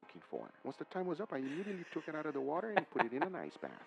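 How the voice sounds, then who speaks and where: A man's voice: fairly high pitch, wildly swooping pitch, racing, vocal fry, rough recording. A man presenting a cooking video in upbeat, scripted, instructional narration.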